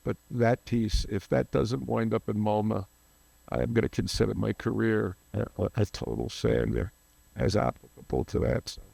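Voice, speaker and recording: A man's voice: lowish voice, normal speed, gravelly, darkish tone, breathy edge, no room sound. An older man, a photographer guest, telling long rambling anecdotes in an interview, often losing names and restarting.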